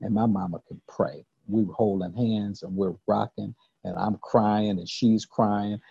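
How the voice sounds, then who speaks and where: An older man giving an earnest personal recovery testimony, halting and repeating words as he tells his story. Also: fairly even intonation, mellow, no room sound, muffled recording. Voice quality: deep gravelly husky voice. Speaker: recovery speaker.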